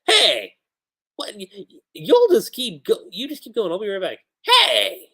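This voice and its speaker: A livestream reviewer reading out a quick-tempered young heroine's lines in a raised voice. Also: mid-range voice, wildly swooping pitch, fairly bright tone, husky, voice pushed up, full character voice. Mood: exasperated.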